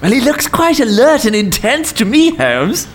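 A woman's voice: a little high, sing-song, moderate pace, a little hiss or hum. A woman doing a flustered gent. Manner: stammering, prim and indignant. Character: posh, fussy English gentleman, easily flustered. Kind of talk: comedy improv sketch.

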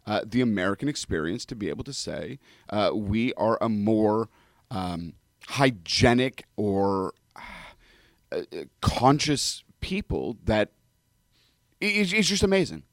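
A rabbi from Canada with a blended Canadian and New York accent talks loudly and passionately, stumbling into restarts. His voice sits somewhat low. The studio sound is dry and close. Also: sing-song, measured pace, no room sound. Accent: mixed Canadian with a New York tinge. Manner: passionate, loud talker with many restarts. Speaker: rabbi and radio co-host. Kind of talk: casual radio talk show chat. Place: radio studio. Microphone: studio microphone without windscreen.

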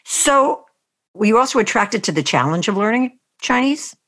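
A woman interviews her guest in a relaxed conversation. She gives short affirmations and asks simple follow-up questions, encouraging the guest to keep talking. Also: mid-range voice, a little fast, no room sound, studio quality.

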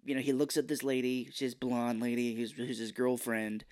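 A man co-hosting a film podcast in casual chat, retelling scenes with quick impressions. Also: mid-range voice, flat delivery, a little mellow. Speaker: podcast co-host.

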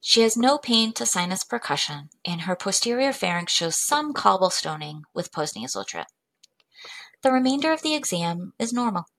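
A woman presenting a medical case study in a measured, clinical way. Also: mid-range voice, very animated, a bit bright. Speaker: medical educator.

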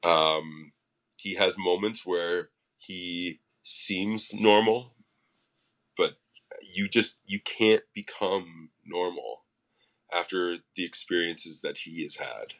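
A man with a fairly low voice that comes across forceful and bright, telling stories as a guest on a casual interview podcast. He talks in a loose, animated way and swears often as he goes. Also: slow pace. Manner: profane, animated storyteller.

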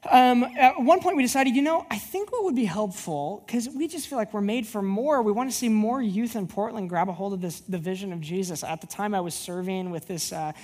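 A woman's voice: mid-range voice, brisk, few pauses, breathy edge. A woman youth pastor giving a sermon, telling personal stories and acting out the dialogue. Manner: animated storyteller who acts out dialogue.

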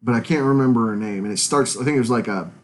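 A man co-hosting a podcast chats casually and gives animated, opinionated fan talk, often laughing. His medium-pitched voice moves fast, with a little hiss or hum in the recording.

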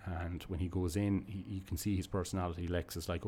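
A man's voice: sits low, little pitch movement, fairly quick, hardly any pauses, mellow, slight background noise. A man giving a casual, enthusiastic comic book review, rambling and restarting his sentences. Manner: rambling, with frequent restarts and fillers. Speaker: podcast host reviewing comics.

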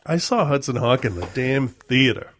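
A man's voice: medium pitch, lively intonation, moderate pace. A man co-hosting a podcast in casual chat, making wry asides and swearing casually. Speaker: podcast co-host.

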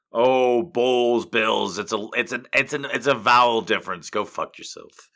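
A man's voice: medium pitch, measured pace, bright, forceful tone. A man hosting a casual stream, rambling and swearing with self-mocking jokes and mock-dramatic outbursts. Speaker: streamer host. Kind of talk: casual chat.

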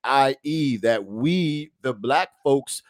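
A man's voice: mid-range voice, expressive, slow pace, no echo, clean studio sound. A man co-hosting a podcast, reading news stories aloud and breaking off into joking asides. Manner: reads headlines then breaks into loud joking asides. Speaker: podcast co-host. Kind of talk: casual chat reading news.

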